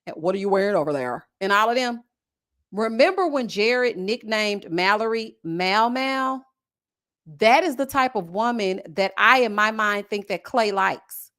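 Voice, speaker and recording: A woman with a Southern US accent hosting a casual live-stream review, reading viewer comments and answering with sassy, animated asides. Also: mid-range voice, normal speed. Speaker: reality TV review host. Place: home setup with a desk mic.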